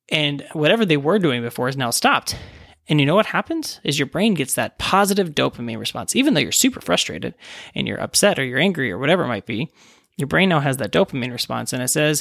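A man in his thirties talks through parenting in a relaxed solo chat, tossing in "right?" as he goes and slipping into little voices for the thoughts in his head. His voice is gravelly at a middle pitch, recorded close and dry with no room sound. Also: a little fast, no echo. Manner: conversational, frequent "right?" tags, acts out inner voices. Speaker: pediatrician and parenting podcast host. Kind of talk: casual solo talk.

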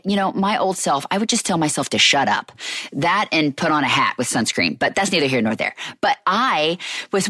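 A woman's voice: sits low, pushed and bright, dry recording. A woman telling her own story in a candid, rambling way, full of restarts and "like". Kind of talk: personal storytelling, casual monologue.

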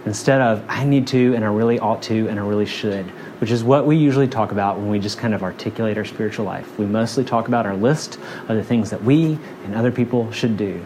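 A man's voice: fairly low pitch, a little mellow, a little hiss or hum. A man preaching a sermon in an earnest, conversational way, building through repeated phrases. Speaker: pastor.

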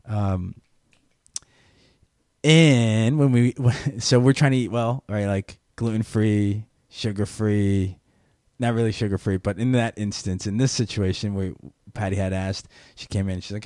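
A man's voice: on the low side, fairly even intonation, unhurried, darkish tone, dry recording, clean studio sound. A man hosting a podcast alone, telling a story casually, rambling with frequent restarts and little laughs. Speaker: podcast host. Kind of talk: casual solo podcast monologue.

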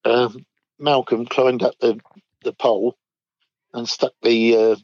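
In a dull, dry recording, an older man slowly shares casual army stories, often chuckling and performing quoted voices. His medium-pitched voice is a little mellow, with a flat delivery.

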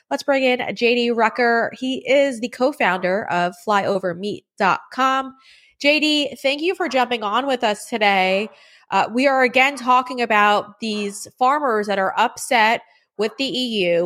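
A woman hosting a news commentary show, presenting stories and interviewing a guest in a brisk, direct manner. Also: a little high, fairly bright tone. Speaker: show host.

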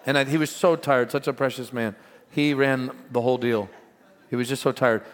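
A man preaching a sermon as pastor, earnest and animated, mixing stories and asides with scripture. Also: mid-range voice, moderate pace. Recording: long hall reverb.

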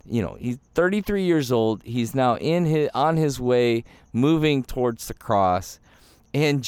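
A man's voice: mid-range voice, no echo. A man preaching an Easter sermon in a casual, conversational way, acting out quoted voices. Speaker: pastor.

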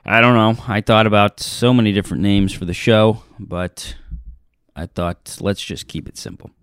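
A man's voice: fairly low pitch, fairly even intonation, moderate pace, clear, resonant tone, dry recording, clean studio sound. Rambling self-deprecating male comedian host. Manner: rambling, self-deprecating, loose, crude jokes. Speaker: podcast host and stand-up comedian. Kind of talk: casual comedic monologue.

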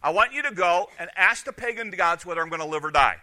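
A man's voice: sits high, animated, fast, sharp tone, exaggerated voice. A man voicing an anxious pagan king demanding answers from his messenger.

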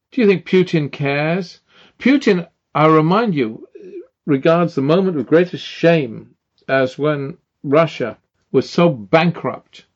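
An older British man delivering an indignant opinion monologue, firing off rhetorical questions with emphasis. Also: mid-range voice. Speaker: commentator. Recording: dull lo-fi sound.

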